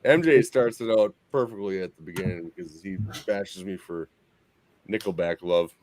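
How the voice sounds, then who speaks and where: A man hosting a casual chat, relaxed and stumbling over words, swearing now and then. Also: deep voice, moderate pace, a little hiss or hum. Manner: laid-back, stammering, swears casually.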